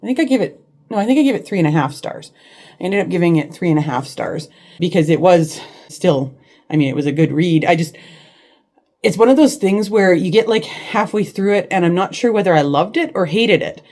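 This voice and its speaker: A woman with a low voice talks casually to the camera from her living room. Her chatty, hesitant delivery is full of fillers and restarted sentences as she vlogs about books. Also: lively intonation, fairly quick, a little mellow. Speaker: book vlogger. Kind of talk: casual chat.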